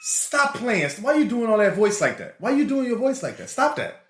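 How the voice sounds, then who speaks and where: Brief: man playing a high, jeering schoolboy from New Orleans, scolding, roomy room. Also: sing-song, normal speed, fairly bright tone, full character voice. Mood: mocking. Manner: scolding, incredulous. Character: teasing middle-school boy, loud and mocking.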